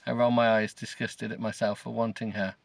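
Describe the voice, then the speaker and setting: A man's voice: on the low side, level tone, fairly quick, vocal fry, dry recording. A middle-aged man hosting a podcast, reading a novel aloud with sarcasm, swearing and stumbling over words. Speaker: podcast host. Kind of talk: mocking comedic reading of a novel.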